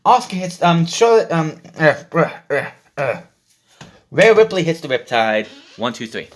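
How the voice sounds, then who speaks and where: Going through a wrestling show match by match, a man recaps it solo in a casual, blunt, sarcastic way and swears freely. His voice is a little high and very animated, at a moderate pace.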